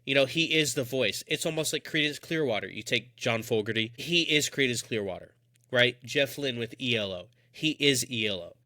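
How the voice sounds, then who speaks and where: A young man co-hosts a podcast, chatting casually in an enthusiastic, rambling way with lots of emphasis. His mid-range voice is bright, forceful and animated, moving at a normal speed. The recording is close and dry, with almost no room sound and no echo.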